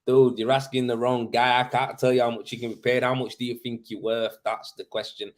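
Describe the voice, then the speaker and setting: A man in his thirties hosts a casual live chat, answering viewers' comments. He talks bluntly and matter-of-factly, with plenty of slang and an easy laugh. His voice sits at an ordinary middle pitch. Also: little pitch movement, brisk. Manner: blunt, matter-of-fact advice with slang and frequent "mate"; laughs easily. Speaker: host.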